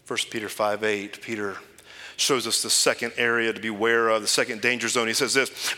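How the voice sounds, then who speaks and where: A man preaching a sermon as pastor, conversational and earnest, shifting between loud emphasis and hushed, near-whispered lines. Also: lowish voice, level tone, normal speed, big-room sound. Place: church sanctuary.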